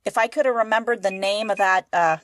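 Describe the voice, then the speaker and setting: A woman's voice: mid-range voice, brisk, a little hiss or hum. A woman co-hosting a casual comedy podcast who teases her partner, laughs often and gives mock-serious explanations. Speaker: podcast co-host.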